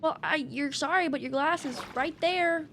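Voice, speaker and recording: A woman's voice: high voice, normal speed, a bit bright, a little hiss or hum. A woman YouTuber giving casual gameplay commentary at her desk mic, easily exasperated and breaking into outbursts and laughs. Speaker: gaming YouTuber.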